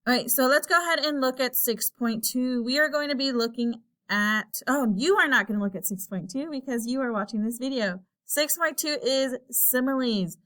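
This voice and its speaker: A woman teacher giving a recorded lesson, explaining slowly and patiently and thinking aloud while she types. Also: high-pitched, fairly bright tone.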